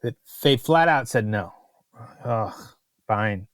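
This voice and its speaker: A man's voice: mid-range voice, expressive, takes it slowly, a bit bright, no echo. A man co-hosting a podcast and telling a long restaurant story in casual chat, with exasperated asides. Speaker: podcast co-host, restaurant critic.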